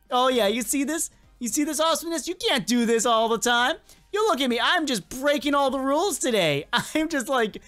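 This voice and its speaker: Chatting to the characters as they play, a gaming creator offers casual, excitable commentary, laughing frequently with plenty of ups and downs in pitch.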